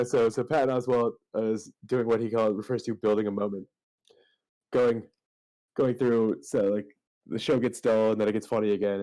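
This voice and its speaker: Man, podcast guest, monotone, low mellow voice, halting speech. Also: low-quality recording. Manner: monotone, halting, many fillers. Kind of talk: casual podcast chat.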